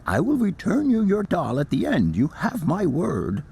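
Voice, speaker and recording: An actor playing a formal, courteous older professor in a video game. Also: male voice, high voice, huge pitch swings, moderate pace, vocal fry, warm tone, slightly rough, heavily acted. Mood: assured. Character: eccentric older male professor, grand and formal. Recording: game audio with faint background ambience.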